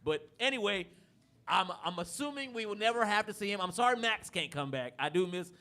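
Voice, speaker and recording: A man with a high, bright voice tells stories with animated, profane energy and laughs often. He speaks as the host of a casual podcast. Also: brisk.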